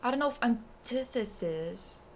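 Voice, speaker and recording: A woman's voice: a little high, lively intonation, unhurried, noisy background. A woman co-hosting a casual chat about art, thinking aloud with many fillers and hedges. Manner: laughs easily, enthusiastic asides. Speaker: co-host.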